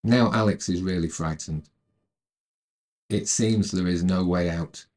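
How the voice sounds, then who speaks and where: A man narrating a retelling of a film's plot in a calm, measured way, then adding his own commentary. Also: low voice. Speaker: storyteller retelling a film.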